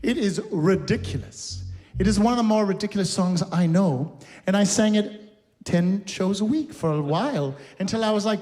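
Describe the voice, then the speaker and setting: A man's voice: high-pitched, moderate pace, mellow. A man hosting a live cabaret show, telling chatty, campy stories between songs with frequent laughs, in a recording studio. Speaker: cabaret singer and host. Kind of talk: live cabaret stage patter.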